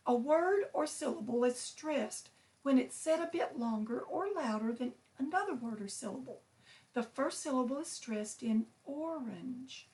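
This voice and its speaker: A woman teacher presenting a children's lesson, explaining patiently and enunciating clearly. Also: high-pitched, expressive, measured pace, a little mellow, recorded from a distance.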